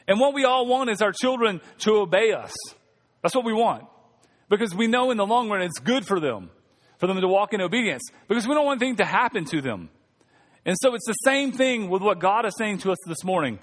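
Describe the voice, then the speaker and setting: Man, pastor, high voice, sermon, humorous call-and-response, long church reverb. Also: lively intonation, moderate pace, fairly bright tone. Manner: conversational, humorous, calls for congregation responses. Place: church sanctuary.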